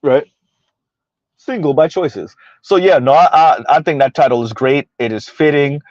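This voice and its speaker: A man's voice: mid-range voice, a little fast, no room sound, highs cut off. A man doing casual, rambling commentary on a live stream, reading out chat messages as he goes. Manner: rambling, conversational, reads chat aloud.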